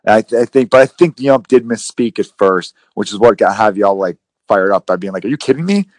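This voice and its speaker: A man hosting a casual sports podcast, rambling and animated, with some swearing. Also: on the low side, brisk, no echo. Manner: rambling, profane, animated retellings. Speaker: podcast host.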